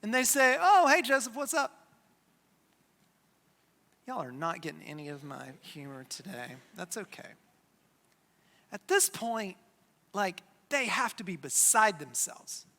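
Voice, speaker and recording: A pastor preaches slowly and deliberately, leaving dramatic pauses as the scripture story unfolds. The voice is bright and forceful. The sound trails off in the long reverb of a church sanctuary. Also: medium pitch, very animated. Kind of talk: sermon.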